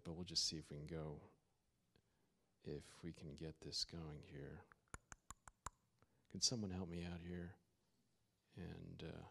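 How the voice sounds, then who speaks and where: A man giving a sermon, opening with a prayer and then telling a travel story, moving from quiet storytelling to emphatic fervor. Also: low-pitched. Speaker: preacher. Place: university chapel or hall.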